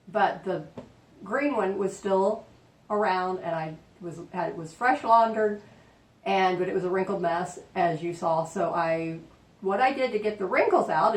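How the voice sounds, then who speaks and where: A woman vlogging a quilting tutorial at home, rambling and excitable with lots of fillers. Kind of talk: casual chatty craft tutorial. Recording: roomy, distant mic, faint rumble.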